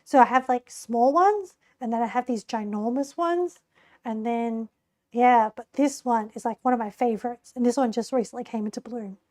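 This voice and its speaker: A young woman streaming from home, talking casually to her chat with a hoarse, squeaky voice she says she is losing, rambling and laughing often. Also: normal speed, darkish tone, no echo, clean studio sound. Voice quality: squeaky, creaky voice. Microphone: desk mic.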